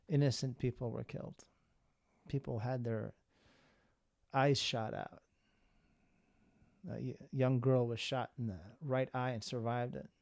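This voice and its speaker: A man's voice: mid-range voice, warm tone, no echo. Middle-aged guy from the states telling his own story, earnest, repeats himself, dry room. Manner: earnest, repeats words for emphasis. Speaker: guest. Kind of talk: personal storytelling.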